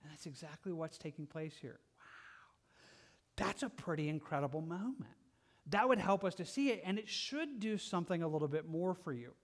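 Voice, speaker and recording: A man with a fairly high voice preaching a verse-by-verse sermon. He talks to his congregation in an earnest, conversational way, often restarting a phrase and laughing softly between thoughts. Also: expressive, normal speed. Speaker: pastor.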